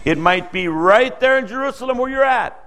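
Earnest high-voiced male preacher. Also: lively intonation, a little fast. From Dutch-speaking background. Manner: earnest storytelling preacher, rises and drops in pitch and loudness. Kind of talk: sermon.

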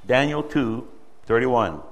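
A male preacher delivering an emotional sermon, swinging from loud exhortation to hushed storytelling. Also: medium pitch. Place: church sanctuary. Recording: long reverb of a large hall.

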